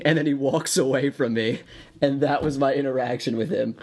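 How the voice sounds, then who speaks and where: Young male podcast co-host, mid-pitch, animated storyteller who laughs a lot. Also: a little fast. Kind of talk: casual chat, storytelling.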